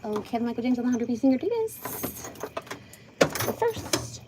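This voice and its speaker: A giggly woman from Ohio rambles through comedic commentary, stammering and losing her train of thought. Her voice sits a little high and bounces lively up and down. She talks outdoors by her porch with a faint hum of surroundings behind her. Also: normal speed.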